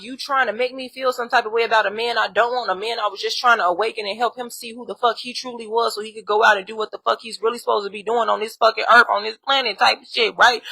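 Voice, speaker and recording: Bright-voiced woman ranting bluntly. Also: fairly high pitch. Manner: blunt, heavy swearing, animated and exasperated. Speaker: spiritual vlogger. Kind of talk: profane ranting monologue.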